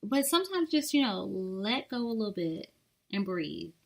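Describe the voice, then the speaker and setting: A woman's voice: mid-range voice, sing-song, normal speed, gravelly. A woman co-hosting a casual chat podcast, teasing and joking in slangy talk. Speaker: podcast co-host.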